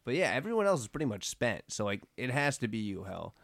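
A man's voice: mid-range voice, sing-song, fast talker, vocal fry, a bit bright, no echo. A man in casual chat, animatedly recapping scenes in a loose, joking way.

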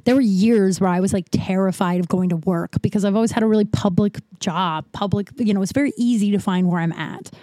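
Woman host, warm dark tone, dry close sound, candid swearing monologue with halting restarts. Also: medium pitch, no echo. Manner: frank and profane, halting with restarts. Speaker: podcast host.

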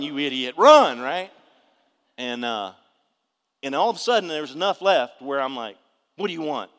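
A man, preaching a testimony in an animated storytelling way with bursts of shouting. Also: mid-range voice, long reverb tail. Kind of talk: testimony sermon.

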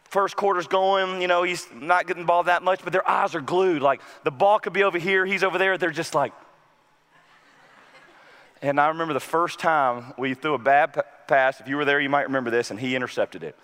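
A man's voice: on the high side, fairly quick. Man preaching in a reverberant church hall. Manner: storytelling, building to loud proclamation, then hushed prayer. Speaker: pastor. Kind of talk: sermon with closing prayer. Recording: hall reverb from a large room.

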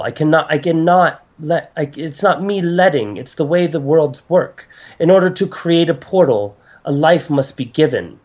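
Guy doing a solemn giant elf goddess, earnest, trips over her words, kinda high voice. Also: a little mellow. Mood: grave. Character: towering silver-haired elven goddess, gracious and solemn. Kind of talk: game master voicing a character.

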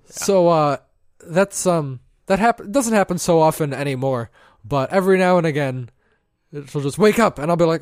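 A man's voice: fairly high pitch, lively intonation, moderate pace, no room sound, clean studio sound. A man co-hosting a casual podcast, telling rambling stories with frequent restarts. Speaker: podcast co-host. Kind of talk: casual chat. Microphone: headphones, podcast mic.

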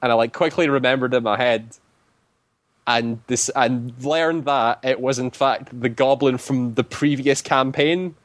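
A man's voice: medium pitch, fairly even intonation, unhurried, no echo. Casual male storyteller, rambling delivery full of fillers, dry close sound. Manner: rambling, heavy use of "like" fillers. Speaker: tabletop game player.

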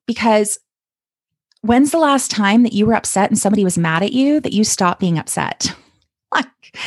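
A woman's voice: medium pitch, no echo. A woman in her thirties from Canada, a coach talking on a podcast in an encouraging, reassuring way. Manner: warm encouraging coaching talk. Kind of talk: podcast monologue.

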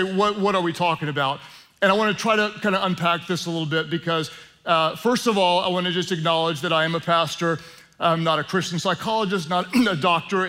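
High, bright-voiced male pastor preaching. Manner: conversational, joking asides, prayerful slowing. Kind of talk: sermon.

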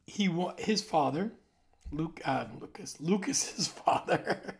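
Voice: medium pitch, expressive, takes it slowly. A vlogger in their forties talking casually to the camera in a rambling, loose way, trailing off and correcting themself. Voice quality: very gravelly, creaky voice.

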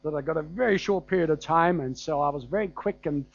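A man with a German accent delivers a sermon in a chatty, storytelling manner, dotted with fillers and small chuckles. His voice sits a little high for a man. The recording is dry and dull, with no room sound and a muffled top end. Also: fast talker, no room sound. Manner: conversational and anecdotal, with frequent fillers and chuckles. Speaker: preacher.

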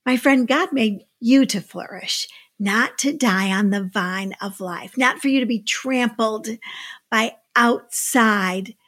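A woman giving a devotional talk, telling a personal story in an expressive, emphatic way. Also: a little high, slow pace. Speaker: devotional speaker. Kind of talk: sermon storytelling.

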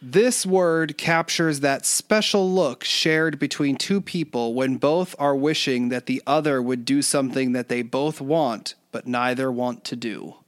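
A man co-hosting a casual chat, talkative and quick to laugh, who spells out words letter by letter. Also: medium pitch, dry recording, clean studio sound. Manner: chatty, laughs often, spells words out slowly. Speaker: podcast co-host.

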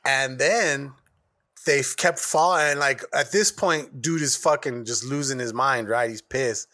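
A man's voice: medium pitch, a little slow, pushed and bright. A man co-hosting a podcast in loose, profane casual chat, laughing often. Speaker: podcast co-host.

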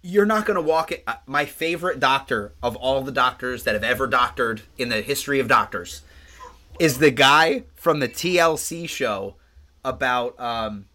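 Man, podcast co-host, bright tone, rambling, profane, animated. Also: mid-range voice, normal speed. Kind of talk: casual podcast chat.

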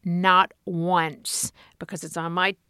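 Low-voiced woman podcast co-host. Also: level tone, bright, forceful tone, clear, resonant tone, dry recording, studio quality. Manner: candid, self-deprecating, halting restarts. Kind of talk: casual chat.

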